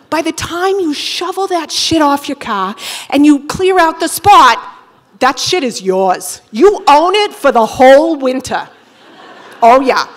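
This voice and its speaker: High-voiced profane storyteller woman. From Boston area. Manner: profane, animated, comic, with rhetorical asides. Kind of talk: live personal storytelling. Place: theater stage before a live audience.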